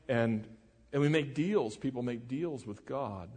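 A man preaching a sermon in an earnest, measured way, often dropping his voice low for emphasis. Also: animated, slightly rough. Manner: earnest, measured preaching with dramatic drops in volume. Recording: reverberant hall.

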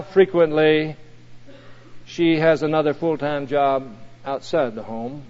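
A male preacher delivering a sermon in an earnest, measured manner. His voice is high and very slow. The recording is dull and rings with a long hall reverb. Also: darkish tone.

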